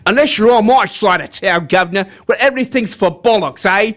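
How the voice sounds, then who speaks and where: A man voicing a rough working-class Londoner, gruff and mocking. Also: high voice, a little fast, fairly bright tone.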